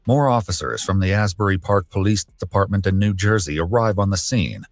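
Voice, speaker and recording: A man with a deep voice narrates a crime documentary. His scripted delivery stays measured and even.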